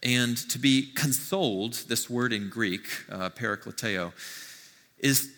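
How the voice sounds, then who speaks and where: Preaching man, bright voice, echoing hall. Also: medium pitch, unhurried. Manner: conversational, animated preaching with asides. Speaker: pastor. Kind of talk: sermon. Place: church sanctuary.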